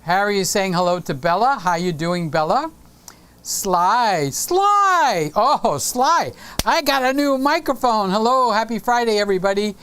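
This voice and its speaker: A woman's voice: medium pitch, expressive, fairly quick, few pauses, clean tone. A woman hosting a live stream in a casual, playful way, reading viewer comments aloud, teasing, and now and then breaking into a sung snippet.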